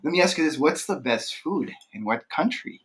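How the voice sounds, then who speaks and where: Chill guy host, bit high voice, says bro, easygoing. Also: animated. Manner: laid-back, quick reactions, slangy. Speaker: podcast host. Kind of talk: casual podcast interview.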